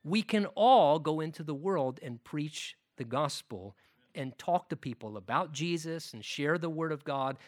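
A man preaching a sermon as pastor, swinging between loud emphatic declarations and quieter conversational asides. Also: fairly high pitch, lively intonation, a little slow.

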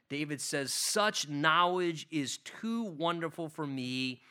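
A male pastor with a high, bright, forceful voice preaches through a scripture passage. He draws out the verses with slow, heavy stress, then turns conversational and puts rhetorical questions to his listeners. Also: clear, resonant tone. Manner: emphatic, reads scripture slowly with stress. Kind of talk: expository sermon.

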